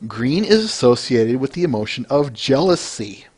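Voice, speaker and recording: A man's voice: mid-range voice, expressive, moderate pace, darkish tone, slightly rough. A man hosting a casual review podcast, rambling with frequent restarts and answering listeners by name between points. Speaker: podcast host.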